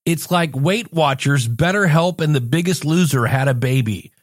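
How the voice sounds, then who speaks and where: Man doing a hammy ad announcer, high voice, slow and drawn-out, dry close sound. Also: no room sound, lightly acted. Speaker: ad reader. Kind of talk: sponsor read.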